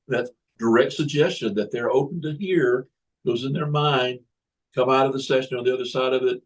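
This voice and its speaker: A man who works as a hypnotist, explaining his methods and telling stories in a relaxed podcast conversation. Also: mid-range voice, moderate pace, poor audio. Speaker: hypnotist guest. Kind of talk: casual podcast chat.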